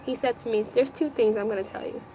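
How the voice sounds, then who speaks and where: A woman's voice: a little high, fast, dark tone, a little hiss or hum, poor audio. A woman vlogger telling a personal story in a casual, rambling way, often repeating herself and talking aloud to the Lord.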